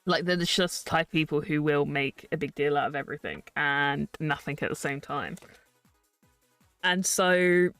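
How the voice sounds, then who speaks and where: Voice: mid-range voice, normal speed, a bit bright, smooth, dry recording, distant mic, faint music behind. A young adult streamer chatting casually and ranting sarcastically while building, laughing often.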